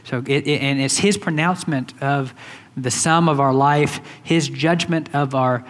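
A man's voice: mid-range voice, unhurried. A man preaching a sermon in a loose, conversational way, with many fillers and restarts. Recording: hall reverb.

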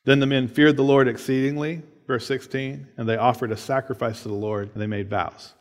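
A man preaching in a relaxed, conversational way, often tossing in "right?" and a quick laugh between points. His voice, mid-pitched for a man, rings out with a long hall reverb, as if spoken in a church sanctuary. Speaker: pastor. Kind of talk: sermon.

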